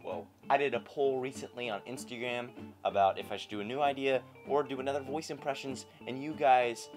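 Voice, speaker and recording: A man's voice: medium pitch, fairly even intonation, fairly quick, faint music behind. A young man hosting a comedy impressions video, chatting in a goofy, rambling, self-mocking way. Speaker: host. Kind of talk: casual vlog chat.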